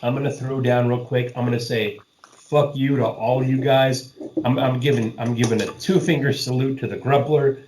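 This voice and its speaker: A man's voice: mid-range voice, fairly even intonation, moderate pace, a little mellow, roomy sound, a little hiss or hum, low-quality recording. A man hosting a casual podcast chat, talking loosely and swearing often while he laughs with friends. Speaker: podcast host.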